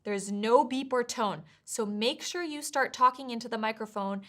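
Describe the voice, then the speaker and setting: A woman explaining exam tasks as a test prep teacher in clear, measured scripted narration. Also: fairly high pitch.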